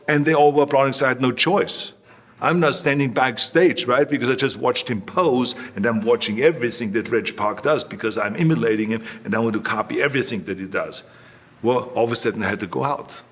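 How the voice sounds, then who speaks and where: A man's voice: mid-range voice, fairly quick, a bit bright. Emphatic man telling stories. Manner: anecdotal, emphatic, repeats phrases. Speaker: guest. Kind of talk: storytelling interview.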